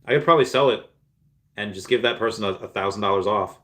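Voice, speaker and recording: On the low side but pushed and bright, a man talks quickly while streaming live. He reads viewers' messages and answers them casually, rambling with lots of fillers and restarts.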